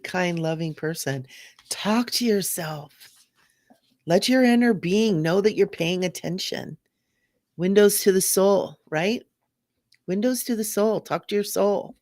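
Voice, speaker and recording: A woman's voice: on the low side, darkish tone, dry recording, studio quality. A woman hosting a casual spiritual livestream chat, bubbly, laughing often and repeating phrases for emphasis. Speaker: spiritual talk show host.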